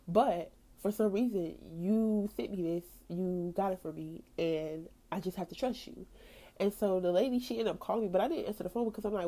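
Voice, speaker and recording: A woman's voice: medium pitch, fast talker, dark tone. A young woman hosting a faith podcast, talking casually and acting out her own past thoughts as she tells the story. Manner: casual, slangy, with frequent "like" and laughs. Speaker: podcast host.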